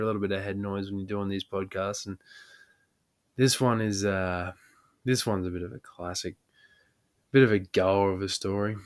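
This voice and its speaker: A man's voice: on the low side, clear, resonant tone. An Australian man hosting a podcast, telling a rowdy pub story casually, swearing and laughing as he acts out the people in it. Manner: swearing, laughing yarn-teller with quoted voices. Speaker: podcast host.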